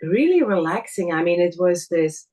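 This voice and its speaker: A woman taking part in a group workshop on a video call, sharing her feelings warmly and searching for words. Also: on the low side, sing-song, normal speed. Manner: warm, searching for words, laughs often. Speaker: workshop participant. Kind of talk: personal sharing.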